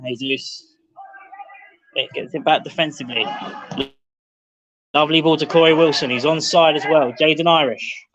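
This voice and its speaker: A man's voice: a little high, fairly even intonation, moderate pace, long pauses, fairly bright tone. A man doing live play-by-play football commentary for a club stream, calling out player names and lifting his voice with the action. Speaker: match commentator for the club's livestream. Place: outdoor football ground under floodlights. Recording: dull lo-fi livestream audio.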